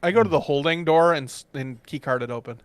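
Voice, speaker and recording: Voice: mid-range voice, fast talker, no echo. Practical tabletop player planning aloud. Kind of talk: casual tabletop play.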